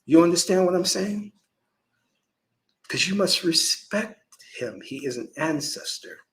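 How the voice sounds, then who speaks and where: Male priest, spiritual talk, preachy and emphatic, pitch swinging all over. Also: lively intonation, measured pace, a bit bright, rough recording. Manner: emphatic, preachy, lots of restarts. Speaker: Kemetic priest. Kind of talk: spiritual lecture monologue.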